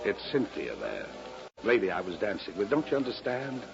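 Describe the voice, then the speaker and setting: A man's voice: lowish voice, wildly swooping pitch, moderate pace, gravelly, heavily acted. An anxious pleading man. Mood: desperate. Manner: urgent, pleading. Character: anxious urgent single man at a reunion. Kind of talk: 1940s radio acting. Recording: dull old radio recording with music.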